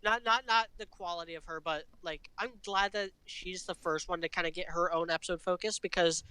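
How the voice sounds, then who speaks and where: Smooth, bright man, dry close sound. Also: high voice, steady tone, a little fast, dry recording, low-quality recording. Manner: hesitant, restarts often. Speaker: podcast co-host. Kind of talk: casual podcast chat. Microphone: online voice call.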